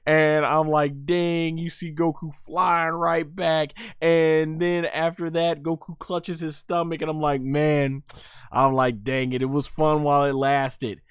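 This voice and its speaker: A man hosting a podcast, giving excited casual commentary on an anime fight and acting out the characters' shouts. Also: fairly high pitch, unhurried, smooth, no echo, clean studio sound. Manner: enthusiastic, acts out characters' shouts. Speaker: podcast host reviewing an anime episode.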